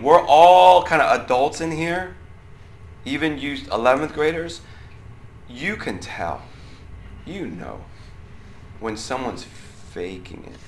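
A middle-aged man with a loud voice that carries, giving a casual youth sermon to a group of students and often checking in with "right?". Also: medium pitch, slight background noise. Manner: conversational, often checks in with 'right?'. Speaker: youth pastor. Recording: roomy echo.

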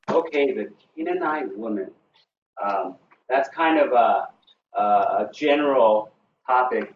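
A man teaching a Bible passage to a small church group in an unhurried way, stopping often for fillers and restarts. He sounds distant from the mic in an echoey room, and the recording is dull with faint noise behind him. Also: on the low side. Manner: halting, many fillers and restarts, asks the group questions. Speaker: pastor.

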